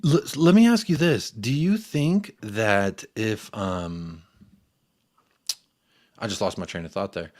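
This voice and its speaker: A man's voice: on the low side, lively intonation, takes it slowly, long pauses, a little mellow, no echo, studio quality. A man hosting a football fan show, chatting casually and rambling, sometimes losing his train of thought and swearing. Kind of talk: casual post-match fan chat.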